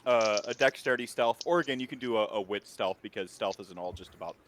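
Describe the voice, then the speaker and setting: A man's voice: on the low side, quick pace, fairly bright tone, slight background noise. A man acting as game master, narrating a tabletop game in a loose, rambling way with many fillers and restarts.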